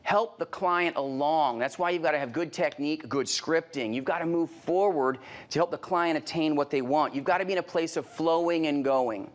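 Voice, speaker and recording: A middle-aged man leads a live sales training with a somewhat high voice. He talks in punchy, repeated phrases and throws rhetorical questions at the room. He bursts into loud exclamations when he acts out little scenes. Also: moderate pace, few pauses.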